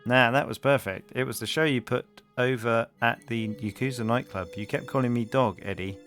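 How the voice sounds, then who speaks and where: A man's voice: medium pitch, fairly even intonation, normal speed, fairly bright tone, faint music behind, natural voice. Wisecracking beaten-up tough guy, read aloud by a man. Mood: bitter. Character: beaten-up male ex-partner, wisecracking.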